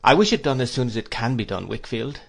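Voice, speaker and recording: A man's voice: medium pitch, animated, fast talker, gravelly. A man reading aloud, voicing a kindly, absent-minded old male schoolmaster who talks hesitantly. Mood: earnest. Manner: raised, hesitant with "uh".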